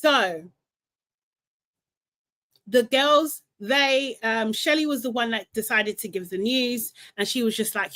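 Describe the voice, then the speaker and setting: This is a young woman doing a casual live recap, with a voice that sits a bit on the high side. She talks fast and opinionated, breaks into laughs and plays other people's lines back, and the recording is dry and close. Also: dry recording. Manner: animated and opinionated, mimics people in quotes, laughs often. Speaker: host recapping a reality show.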